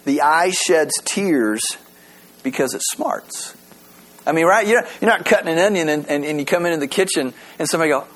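Delivering his sermon, this pastor speaks at a fairly high pitch, lively and conversational. Sentence openings trip him up with repeated words, and he eases his pace when reading scripture aloud.

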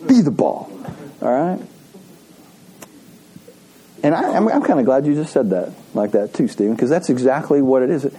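A medium-pitched, mellow male voice rises and falls in a sing-song way at normal speed, pausing often, on a low-quality recording. It belongs to a pastor preaching a conversational sermon at church who repeats key phrases and has the congregation read scripture with him.

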